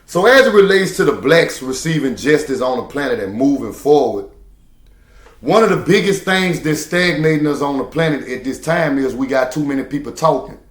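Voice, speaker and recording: A man holds forth on camera in a preachy, emphatic monologue, circling back to the same phrases to drive each point home. His voice sits a little high for a man. The sound rings around an echoey room. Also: lively intonation, normal speed. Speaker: truck driver.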